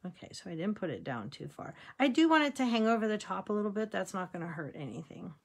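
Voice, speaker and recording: A woman's voice: mid-range voice, sing-song, fast talker, vocal fry, husky. A woman hosting a casual craft tutorial, chatting upbeat to viewers and laughing at herself while she works with her hands. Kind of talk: casual how-to demonstration.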